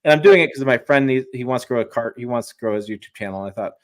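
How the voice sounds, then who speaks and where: A man's voice: medium pitch, rapid-fire. A man talking trucks as a journalist guest in a casual live-stream chat, emphatic and rambling, often restarting his sentences.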